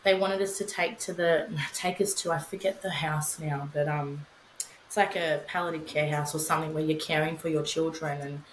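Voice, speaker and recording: A woman's voice: sits low, fairly even intonation, normal speed, echoey room, slight background noise, poor audio. A young woman telling her story in casual podcast chat, candid, swearing freely, with many fillers. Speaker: podcast guest, bereaved mother.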